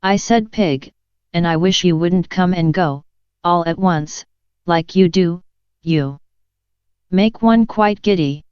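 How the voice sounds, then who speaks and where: A woman reading the part of a polite, puzzled young girl in an audiobook, in a slow, dull lo-fi recording. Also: lowish voice, clear, resonant tone, no echo. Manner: politely questioning. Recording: dull lo-fi sound.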